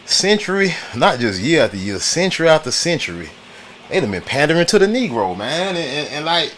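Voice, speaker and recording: A man's voice: fairly high pitch, sing-song, a little fast, a bit bright, slight background noise. A man from the United States hosting a casual political talk stream. He uses loose slang, repeats his points and keeps stopping to greet viewers in the chat. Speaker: livestream host.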